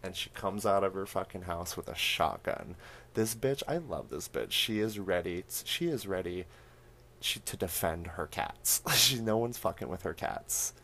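Deep-voiced young man recapping a horror film. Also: normal speed, vocal fry. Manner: animated storytelling, laughing often, acting out quotes. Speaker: podcast host.

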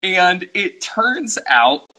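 Young guy podcast cohost, husky and super bright voice, animated storyteller. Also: sits high, extremely slow, poor audio. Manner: storytelling, animated, laughs often. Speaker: podcast co-host. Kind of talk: casual chat.

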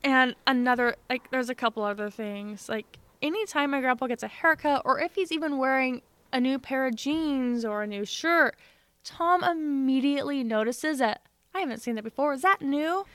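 A woman's voice: sits high, normal speed, fairly bright tone, smooth, dry recording. A young woman co-hosting a podcast, telling a story in a chatty, sarcastic way. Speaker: podcast co-host. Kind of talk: casual chat.

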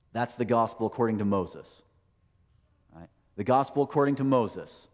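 A man's voice: medium pitch, animated, moderate pace. A middle-aged American man preaching a sermon, tossing rhetorical questions and "right?" at his listeners. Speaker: pastor. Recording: long hall reverb.

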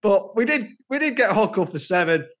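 High-voiced man, self-mocking. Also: big pitch swings, a little fast, a bit bright. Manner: rambling, self-mocking joke telling. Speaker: podcast co-host. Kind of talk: casual chat. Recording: dull lo-fi podcast audio.

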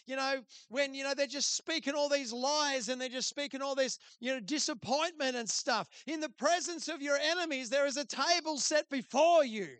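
A man's voice: very high-pitched, moderate pace, hardly any pauses, a bit bright, no echo. A man preaching and praying in a conversational way, with many fillers. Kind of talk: sermon with prayer.

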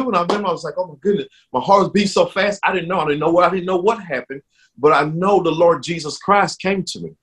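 A man sharing his personal faith testimony in an interview, speaking earnestly with halting restarts that grow more emotional. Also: on the high side, fairly bright tone, breathy edge.

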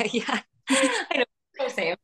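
A woman hosting a podcast, talking in a rambling, animated way with many fillers and frequent laughs. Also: high voice, slow pace. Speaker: podcast host. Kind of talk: casual chat.

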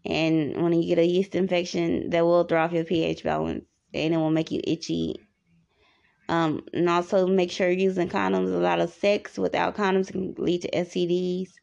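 A woman's voice: fairly low pitch, flat delivery, normal speed, vocal fry, darkish tone, muffled recording. A woman hosting a podcast, giving rambling, repetitive advice in a casual monologue. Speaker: podcast host.

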